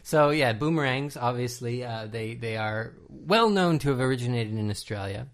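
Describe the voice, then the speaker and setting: A man's voice: mid-range voice, animated, moderate pace. Male podcast co-host with a mid-range voice, patiently explaining trivia in a hesitant, casual manner. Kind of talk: casual commentary chat.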